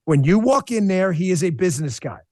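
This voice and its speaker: A man as a guest in a podcast interview, telling an emotional story in an animated, blunt way, often stumbling and restarting. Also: high voice, a little fast, no room sound, clean studio sound. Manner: blunt and combative.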